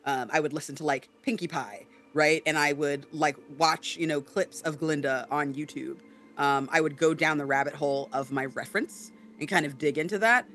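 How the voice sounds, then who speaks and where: A man co-hosting a podcast in casual chat, animated and explanatory, often tagging on "right?". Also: on the high side, moderate pace, a little hiss or hum. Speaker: podcast co-host. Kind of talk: casual chat about tabletop role-play.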